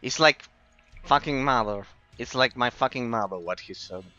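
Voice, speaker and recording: Guy streaming, bright forceful voice, keeps repeating himself and tripping over words. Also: medium pitch, normal speed, highs cut off, soft background music. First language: Spanish. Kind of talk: casual stream chat with viewers.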